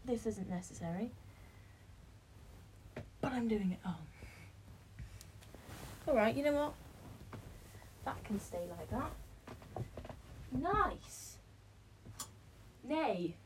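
A woman's voice: fairly high pitch, expressive, slow pace, long pauses, a little hiss or hum, rough recording. A woman vlogging in casual self-talk, out of breath and self-mocking, often dropping to a whisper. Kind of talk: casual self-talk while building a blanket fort.

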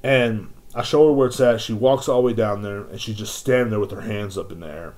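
A man's voice: on the low side, a little fast, darkish tone. A man hosting a podcast, telling a rambling, profane story about his job as a store clerk. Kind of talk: casual rant.

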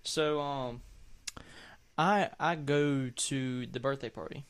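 A man's voice: medium pitch, takes it slowly, smooth. Young Southern man, rambling storyteller. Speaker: podcast co-host. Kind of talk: casual chat.

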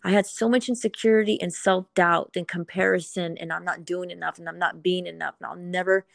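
Candid, swearing mom in dry chat. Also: female voice, on the low side, steady tone, fairly quick, creaky, dry recording. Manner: candid and emphatic, swears freely. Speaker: mother. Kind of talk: casual podcast chat.

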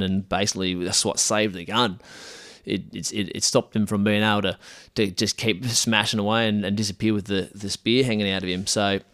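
A laid-back man spins a story for his podcast, full of slang, ums and restarts. His voice sits fairly low, and the recording is close and dry with no room sound. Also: no room sound. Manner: relaxed, slangy, many fillers and restarts. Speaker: podcast host. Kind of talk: casual storytelling.

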